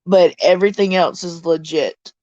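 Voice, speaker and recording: A middle-aged woman with a Deep South Mississippi accent, chatting bluntly and casually as a livestream host reading her chat. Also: normal speed, warm tone, no echo, muffled recording.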